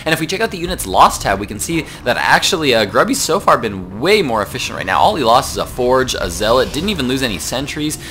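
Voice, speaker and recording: A young man doing solo play-by-play commentary on a video game match, talking fast with many fillers and a rough morning voice. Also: mid-range voice, sharp tone, a little hiss or hum. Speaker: esports caster.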